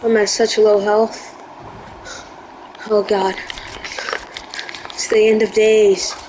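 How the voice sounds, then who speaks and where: A woman's voice: medium pitch, level tone, slow pace, a little mellow, a little hiss or hum, low-quality recording. A woman giving live gameplay commentary, jumpy and easily spooked, yelping in panic. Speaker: gaming video creator.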